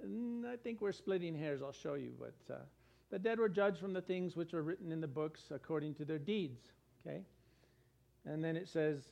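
A man with a notably high voice delivers a sermon in an easy, conversational manner. He keeps asking his listeners questions and puts on quick voices for the people he quotes. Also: a little mellow. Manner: conversational preaching, asks rhetorical questions and acts out quotes. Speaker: pastor.

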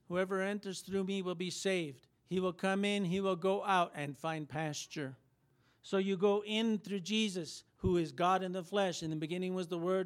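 A man preaching a sermon, emphatic and repetitive, firing off rhetorical questions to his listeners. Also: sits high.

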